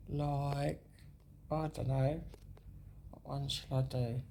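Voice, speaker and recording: A woman with an extremely low, warm voice hosts a video, speaking slowly with frequent pauses. She thinks aloud in a rambling walkthrough of a map, often correcting herself and sometimes dropping to a whisper.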